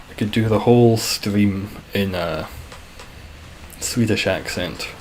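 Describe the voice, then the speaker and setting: Dry, low-voiced man streaming. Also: a little hiss or hum. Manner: dry, self-deprecating, calls his voice monotone. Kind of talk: casual live-stream chat.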